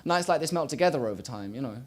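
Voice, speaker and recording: A young man performing a spoken word poem on a small stage, rhythmic, swinging from loud bursts to quiet murmurs. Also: mid-range voice, lively intonation, fast. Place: small live venue stage.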